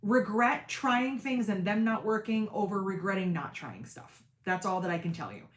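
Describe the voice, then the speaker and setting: A woman's voice: mid-range voice, expressive, moderate pace, reverberant. A woman hosting a craft channel, chatting casually with viewers and retelling conversations in a talkative storytelling way. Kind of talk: casual livestream chat.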